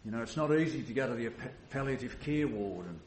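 A man's voice: medium pitch, lively intonation, quick pace, a little hiss or hum. Earnest man preaching in an echoey room. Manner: earnest, with many restarts and "you know"s. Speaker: pastor. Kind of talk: sermon.

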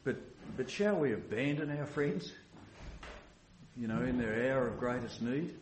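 A man's voice: mid-range voice, unhurried, echoey room, slight background noise. A man preaching a sermon as a pastor in a church, talking earnestly with restarts and many "you know"s.

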